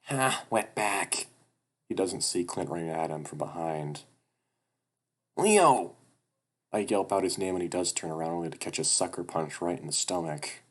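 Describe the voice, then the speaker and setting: Низкоголосый мужчина читает визуальную новеллу. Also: male voice, sits low, steady tone, fairly quick, few pauses. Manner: casual, swears, breaks off with asides. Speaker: visual novel narrator. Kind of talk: reading a visual novel aloud.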